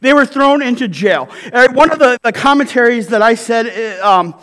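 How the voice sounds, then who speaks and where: A man preaching a sermon in a very high, light voice, with a long reverb that fills the hall around him. He talks to the congregation like he is chatting with them, breaking up the scripture with quick "right?" questions. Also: lively intonation, a bit bright. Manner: conversational preaching with frequent "right?" tags. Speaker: pastor.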